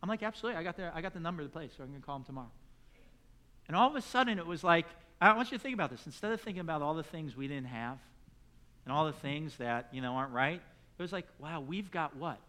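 Bright-voiced man preaching a sermon. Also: a little high, expressive, racing. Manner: storytelling, acts out dialogue, rises to loud emphatic peaks. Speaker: pastor.

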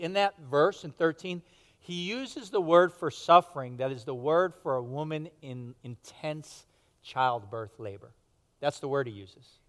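Casting: male pastor, slightly high voice, conversational emphatic sermon, long church-hall reverb. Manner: conversational, emphatic preaching with sudden drops to quiet.

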